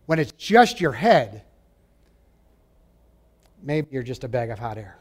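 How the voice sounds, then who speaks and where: A man preaching a sermon, emphatic, asking his listeners direct questions and dropping to a hush at times. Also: medium pitch, big pitch swings, slow pace. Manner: emphatic, rising and falling, drops to a hush for quoted lines; asks the audience direct questions.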